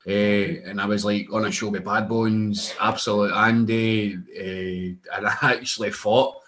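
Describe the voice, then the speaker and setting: Low-voiced Scottish man telling stories. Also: flat delivery, a little slow, a bit bright, slight background noise. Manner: rambling anecdotes with frequent restarts and laughter. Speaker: wrestler guest. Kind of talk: casual interview chat.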